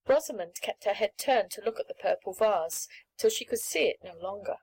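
A woman reading a children's story aloud in a clear, measured storytelling manner. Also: mid-range voice, lively intonation, a little mellow, poor audio. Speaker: audiobook reader. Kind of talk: scripted narration of a children's story.

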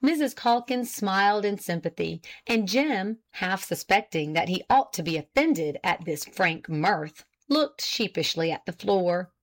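Woman reading an old novel out loud, steady and measured, mid pitch. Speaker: audiobook narrator. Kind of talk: scripted narration of an old novel.

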